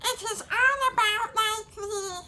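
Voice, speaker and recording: A young man voicing a high, squeaky male robot sidekick with a broken voice modulator, chatting about how the voice is made. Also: fairly even intonation, takes it slowly, pushed and bright, slight background noise, exaggerated voice. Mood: chatty. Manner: pushed up high, explaining chattily.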